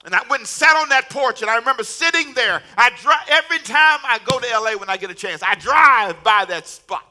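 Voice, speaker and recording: A man preaching a sermon as a pastor, telling a story with animated repetition and acted-out dialogue. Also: extremely high pitch, fast.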